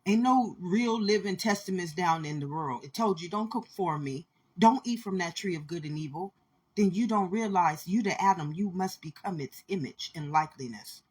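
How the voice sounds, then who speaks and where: A woman's voice: lowish voice, animated, moderate pace, breathy edge. A woman giving an impassioned spiritual monologue, speaking intensely and repeating her points as she addresses listeners directly.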